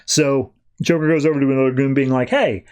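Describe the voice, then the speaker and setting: A man hosting a podcast, casually recapping a comic book story with animated storytelling and quoted lines. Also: medium pitch, fast, smooth. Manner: animated storytelling, quoting characters. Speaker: podcast host.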